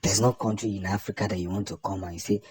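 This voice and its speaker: A man with a Nigerian accent giving impassioned political commentary, emphatic and repetitive, building up to loud declarations. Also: deep voice, steady tone, fast talker, breathy edge, no room sound.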